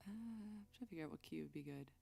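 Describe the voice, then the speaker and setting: A woman's voice: low-pitched, animated, fast, vocal fry, over music. A woman singer-songwriter chatting on a live stream between songs, rambling and reading chat aloud.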